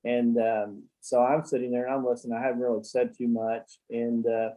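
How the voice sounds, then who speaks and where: A man's voice: mid-range voice, level tone, a little fast, warm tone, low-quality recording. A man who works as an accountant, telling blunt, salty stories in rambling casual talk on a call. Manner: rambling, with many fillers and restarts. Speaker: accountant guest.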